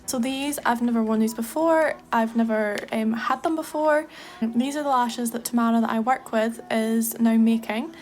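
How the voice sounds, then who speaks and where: Chatty Scottish woman, fairly high voice. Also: a little mellow. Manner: chatty and enthusiastic, gushing. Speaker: makeup artist. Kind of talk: casual makeup tutorial chat.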